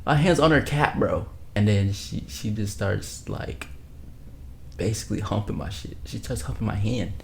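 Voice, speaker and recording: A young man telling a story from his own life as a streamer, rambling, slangy and repeating himself, sometimes dropping to a hushed low voice. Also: animated, normal speed, gravelly, slight background noise. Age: young adult. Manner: drops to a hushed low voice for spicy parts. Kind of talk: casual storytelling.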